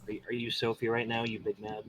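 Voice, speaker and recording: A man with a bright, forceful voice banters and jokes as a player in a tabletop game. His voice sits a little low, and a faint hiss runs under the recording. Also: completely flat delivery, fast, rough recording. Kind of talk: casual tabletop game chat.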